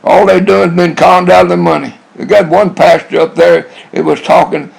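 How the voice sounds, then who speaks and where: Older man, gravelly and husky, fairly high-pitched, blunt rambling monologue. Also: fairly even intonation, normal speed, hardly any pauses. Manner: blunt, rambling, with many restarts. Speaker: YouTube vlogger.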